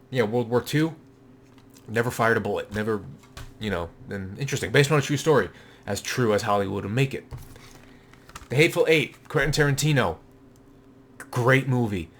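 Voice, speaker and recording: A man's voice: mid-range voice, fairly bright tone. Blunt, rambling man vlogging casually. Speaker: collector showing his movie collection. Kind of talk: casual vlog commentary.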